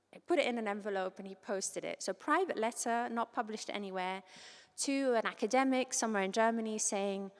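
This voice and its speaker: Woman from Cyprus, mid pitch, casual academic lecture, reverberant venue. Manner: lively, informal, quick asides and quoted voices. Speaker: conference speaker. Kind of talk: academic conference talk. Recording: long reverb of a large hall.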